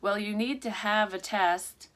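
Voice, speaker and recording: A woman's voice: medium pitch, steady tone, a little slow, fairly bright tone, close to an everyday voice. A woman reading the lines of a flustered male doctor from a child's story, barely changing her own voice.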